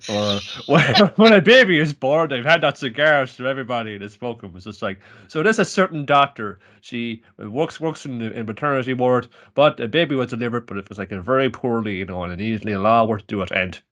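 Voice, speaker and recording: Podcast guy, middle pitch voice, kinda rambly, does the characters' lines while recapping. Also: expressive, fairly quick, few pauses, fairly bright tone. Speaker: podcast co-host. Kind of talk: casual chat recapping anime.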